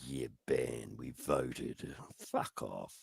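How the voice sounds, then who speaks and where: A man's voice: very deep voice, extremely slow, vocal fry, breathy edge, dry recording. A man in a profane, taunting rant, firing goading questions at someone. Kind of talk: angry rant.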